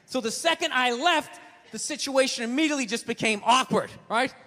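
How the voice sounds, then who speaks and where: A man doing a stand-up comedy routine, ranting loudly, swearing and acting out voices in his stories. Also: very high voice, fairly quick, in a large hall.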